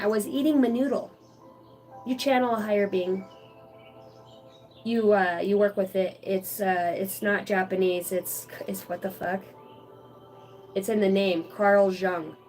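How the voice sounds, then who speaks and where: A woman leads an oracle card reading in a voice of ordinary middle pitch, moving between reading card text aloud and raw, emotional comments. Her asides are casual and include swearing. Gentle music plays faintly underneath. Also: fairly even intonation, a little slow, pauses often, low-quality recording. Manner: emotional, earnest. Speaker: psychic card reader.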